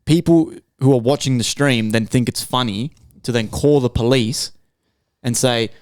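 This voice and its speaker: A man's voice: mid-range voice, moderate pace, a little mellow, no echo, studio quality. Foul-mouthed man ranting. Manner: swearing, rambling rant with restarts. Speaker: podcast host. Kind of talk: casual podcast chat.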